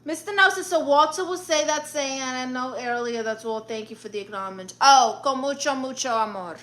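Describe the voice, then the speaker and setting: A woman's voice: high voice, fairly quick, fairly bright tone. A woman doing a brassy Brooklyn auntie. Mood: sassy. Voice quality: sassy, blunt, boastful. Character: brash middle-aged Brooklyn aunt posing as therapist. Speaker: livestream host. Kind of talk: in-character livestream chat reading.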